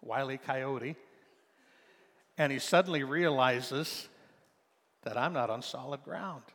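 A man preaching a sermon, animated and emphatic, his voice climbing to loud peaks. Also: mid-range voice, slow pace, big-room sound.

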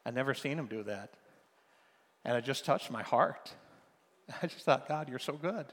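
An older man preaching a sermon as pastor, moving from soft storytelling to loud, emphatic exhortation. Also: medium pitch, lively intonation, unhurried. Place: church sanctuary. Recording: long hall reverb.

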